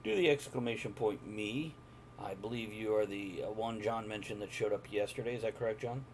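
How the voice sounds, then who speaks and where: A man's voice: fairly low pitch, a little fast, a little hiss or hum. A man narrating a live-streamed tabletop game as game master, chatty and jokey, chatting with viewers in between.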